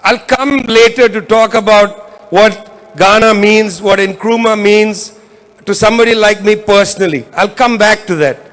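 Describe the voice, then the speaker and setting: A man's voice: high voice, unhurried, fairly bright tone. A man giving a keynote political speech, impassioned and driving points home through repetition. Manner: impassioned, repetitive rhetorical emphasis. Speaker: keynote speaker. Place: event hall.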